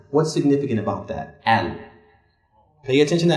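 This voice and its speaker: A man's voice: fairly quick, darkish tone. Guy teaching a study circle, keeps asking "what?" then answering, echoey room. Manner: asks the class questions and fills in the answers himself; rises in pitch to stress points. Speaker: Islamic teacher leading a workshop. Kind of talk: interactive classroom teaching.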